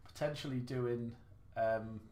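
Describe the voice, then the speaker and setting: A man's voice: medium pitch, fairly even intonation, slow pace, noisy background. A man livestreaming a snooker game, chatting casually and mocking his own play with rambling restarts. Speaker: gaming livestreamer. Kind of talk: casual live commentary while playing.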